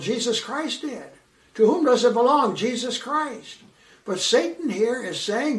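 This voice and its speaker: Man preaching a sermon, fervent and emphatic, kinda high voice, mic far off. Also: big pitch swings, unhurried, a bit bright, echoey room. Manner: fervent, emphatic, repeats phrases.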